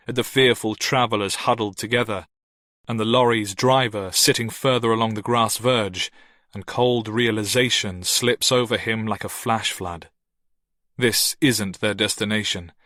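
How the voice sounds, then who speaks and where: A man narrating a thriller audiobook with steady, tense storytelling. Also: lowish voice, measured pace, dry recording, clean studio sound. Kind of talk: scripted narration.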